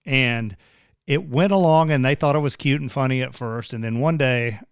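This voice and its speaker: A man's voice: mid-range voice, moderate pace, clear, resonant tone, dry recording, clean studio sound. A man co-hosting a casual live-stream chat, telling everyday stories and laughing easily. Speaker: co-host.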